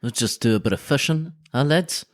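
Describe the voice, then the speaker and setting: A man putting on a rough New Zealand accent, playing a jolly fisherman bloke. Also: mid-range voice, lively intonation, brisk, close to an everyday voice. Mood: matey. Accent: attempted New Zealand.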